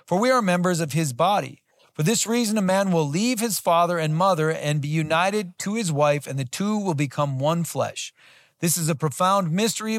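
High-voiced man teaching a sermon. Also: dry recording, clean studio sound. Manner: plain-spoken, repeats key phrases for emphasis. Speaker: Bible teacher. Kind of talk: conversational sermon with scripture reading.

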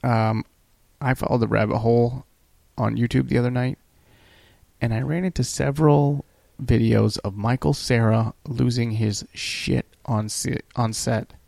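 Male podcast co-host, gravelly voice, loose, profane storyteller. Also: mid-range voice, fairly even intonation, measured pace, mellow, dry recording. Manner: rambling, profane, acts out quoted people. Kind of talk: casual crude chat.

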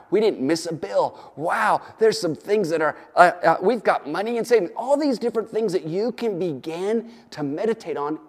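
Rousing pastor preaching with long reverb. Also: male voice, a little high. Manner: rousing, urges listeners with repeated "come on". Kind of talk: sermon. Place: church or studio, preaching to an online audience.

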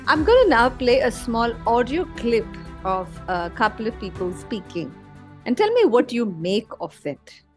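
A woman's voice: on the high side, sing-song, unhurried, faint music behind. A woman hosting a podcast, chatting enthusiastically with a young guest about the news. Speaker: podcast host. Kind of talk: casual chat.

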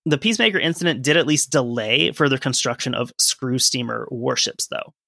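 Bright forceful guy on a history podcast, chatty explainer, dry close mic. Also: medium pitch, fairly quick, gravelly, dry recording. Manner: conversational, explains and reads from sources with asides. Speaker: podcast co-host. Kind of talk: casual history podcast chat.

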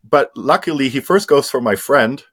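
Man, young adult, casual storytelling, blunt, lots of "like", mid-pitched voice. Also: animated, moderate pace, fairly bright tone, husky. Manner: candid, swears freely, many fillers. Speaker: interview guest.

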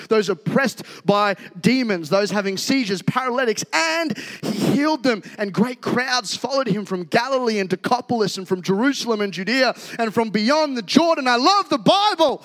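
A man preaching a sermon as a pastor, conversational and energetic, rising into shouts when fired up. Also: high voice. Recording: reverberant hall.

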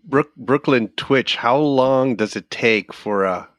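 A man's voice: medium pitch, takes it slowly, no echo. A man co-hosting a podcast, chatting casually and joking with laughs. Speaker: podcast co-host. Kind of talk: casual chat.

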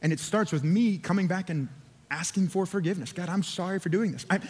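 Male pastor, fervent preaching, slightly high voice, long church-hall echo. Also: fairly quick, darkish tone, husky. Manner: fervent, urging, repeats phrases. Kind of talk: sermon. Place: church auditorium.

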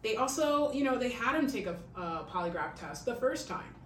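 A woman's voice: on the high side, sing-song, moderate pace, fairly bright tone. A woman hosting a podcast, telling a true-crime story in a chatty way, full of "like" and "okay?". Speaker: podcast host. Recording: echoey room, distant mic, faint hiss.

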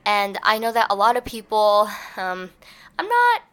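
Woman podcast host, solo advice talk, casual and animated, slips into quoted voices. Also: medium pitch, moderate pace, smooth. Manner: animated storytelling, acts out little scenes in quoted voices; casual, conversational, with "like" and "kinda".

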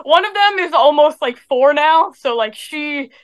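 A woman's voice: high-pitched, expressive, unhurried. A woman co-hosting a podcast, telling stories in casual chat with frequent laughter. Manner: rambling storyteller, laughs often. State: sick. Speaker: podcast co-host.

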